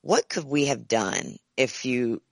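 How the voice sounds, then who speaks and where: A woman chatting as a conference co-chair, high energy and excitable, often restarting and repeating words. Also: takes it slowly, gravelly, no echo, low-quality recording. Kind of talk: casual conversation.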